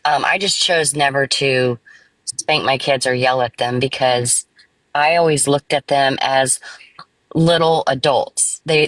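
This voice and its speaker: Soft-spoken middle-aged woman, very low voice. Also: dry recording, low-quality recording. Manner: soft-spoken, even-keeled. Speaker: guest. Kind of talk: casual live stream chat.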